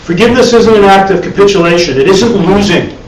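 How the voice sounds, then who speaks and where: In this live dharma class, a male meditation teacher speaks in a high voice at a quick pace. His delivery is conversational, full of repeated words and dry, wry remarks, captured by a distant mic in an echoey room with faint hiss.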